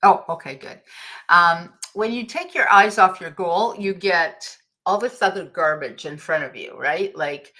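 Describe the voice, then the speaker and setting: Middle-aged woman, lowish voice, anecdotal livestream host with a chatty, laughing delivery. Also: unhurried, sharp tone. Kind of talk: casual motivational talk.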